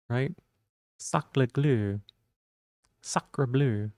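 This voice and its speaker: A man's voice: mid-range voice, lively intonation, slow pace, pauses often, mellow, dry recording, studio quality. A man streaming live, chatting casually and playfully while he repeats silly puns and rambles.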